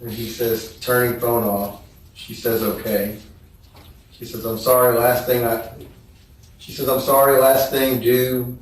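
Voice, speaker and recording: Man, courtroom witness, reading texts aloud, slow, monotone, distant, very echoey room. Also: mid-range voice. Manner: slow, flat, measured reading. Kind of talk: courtroom testimony, reading text messages aloud. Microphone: distant courtroom microphone. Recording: echoey courtroom audio from far off with faint noise.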